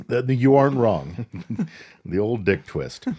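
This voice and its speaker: A man's voice: medium pitch, mellow, breathy edge. A man co-hosting a podcast, casually recapping a film with crude jokes. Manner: laid-back storyteller, crude jokes. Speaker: podcast co-host. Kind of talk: casual movie recap chat.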